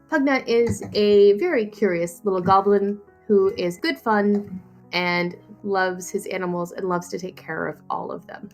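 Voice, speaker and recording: A woman runs a tabletop game, narrating at an unhurried pace. Her pitch is middling and she pauses on little fillers. Faint music sits underneath. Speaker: game master.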